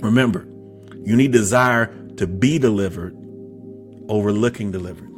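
A man preaching a sermon, telling a story with humor and stammered restarts, then rising into emphatic shouts. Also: on the low side, moderate pace, faint music behind. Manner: emphatic, repetitive, builds to shouting.

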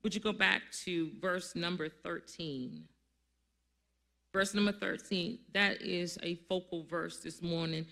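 A pastor preaching a sermon to a congregation, calling on people to answer back and building up to loud, emphatic lines. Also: medium pitch, unhurried, gravelly. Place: church service before a congregation.

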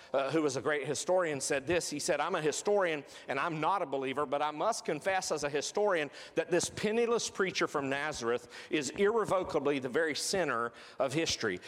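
A man delivering a sermon in a voice pitched a little above the usual male range. He preaches earnestly, drawing out key phrases and repeating them for weight. His words ring out with a long reverb, as if in a large hall. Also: fairly bright tone. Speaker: pastor.

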